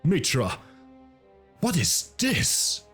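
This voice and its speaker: A man's voice: on the high side, wildly swooping pitch, very slow, fairly bright tone, breathy edge, soft background music, pitched above the performer's own voice, full character voice. A man putting on a grating, stern mercenary captain. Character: proud mercenary captain, grim, vengeful man.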